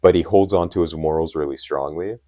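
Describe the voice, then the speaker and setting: A man's voice: a bass voice, fairly quick, warm tone. A young man co-hosting a podcast, talking casually and emphatically as an enthusiastic fan. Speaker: podcast co-host. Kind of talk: casual chat.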